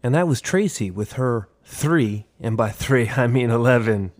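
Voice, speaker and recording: A man's voice: mid-range voice, lively intonation, unhurried. Playful male teacher, podcast co-host, casual jokey chat. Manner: playful, jumps into silly voices.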